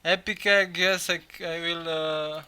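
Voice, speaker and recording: A young man live-streaming, reacting in excitement, swearing a lot and laughing often. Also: fairly high pitch, measured pace, clear, resonant tone.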